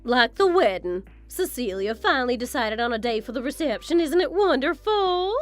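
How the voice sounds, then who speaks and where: A woman's voice: on the high side, lively intonation, fairly quick, a bit bright, soft background music. A woman voicing a vain, scornful mother-in-law in a scripted text-story drama, talking down to her daughter-in-law. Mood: dismissive. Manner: condescending, self-admiring.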